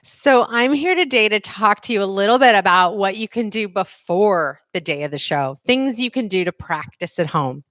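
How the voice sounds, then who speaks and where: A woman presenting a workshop on practicing at home, speaking in an upbeat, expressive way. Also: medium pitch, no echo. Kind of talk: instructional tips.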